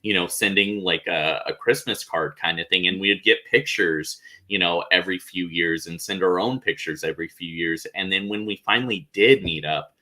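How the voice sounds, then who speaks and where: A man hosts an easygoing podcast conversation. His voice sits very low yet has a bright, forceful edge. He laughs often and fills his talk with ums and uhs. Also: normal speed, few pauses. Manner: relaxed, laughs often, many fillers. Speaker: podcast host. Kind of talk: casual chat.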